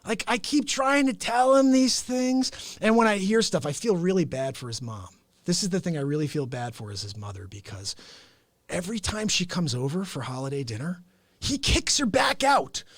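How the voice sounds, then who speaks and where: A man hosting his show with an improvised, rambling comic rant, mock-indignant and animated. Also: sits high, normal speed, no room sound. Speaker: host.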